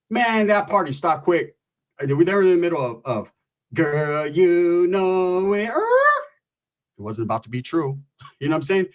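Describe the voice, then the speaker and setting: A man from California telling a profane story and acting out the people in it with animated voices. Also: on the high side, a little slow. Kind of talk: storytelling stand-up.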